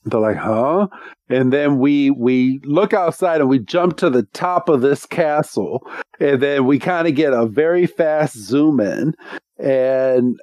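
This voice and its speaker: A man's voice: medium pitch, a little slow, a little mellow, no echo. A man co-hosting a podcast, recapping an episode in casual chat, rambling and laughing as he slips into voices. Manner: rambling, laughs often, breaks into character voices.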